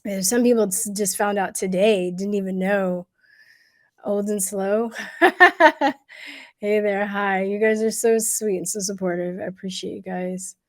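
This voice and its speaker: A woman hosting a casual livestream, talking to viewers with many pauses, fillers and restarts, and growing emotional at times. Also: mid-range voice, little pitch movement, a little mellow. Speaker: livestream host.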